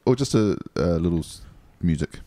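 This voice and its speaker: A man's voice: sits low, lively intonation, moderate pace, mellow, dry recording. A man co-hosting a podcast, laughing, swearing and poking fun at himself. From New Zealand. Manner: laughing, swearing, self-mocking. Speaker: podcast co-host. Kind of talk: casual podcast banter.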